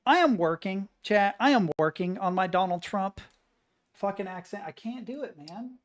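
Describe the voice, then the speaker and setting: A woman streamer chatting casually to her viewers, swearing and excitable, muttering between outbursts. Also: medium pitch, normal speed. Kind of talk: casual live-stream chat.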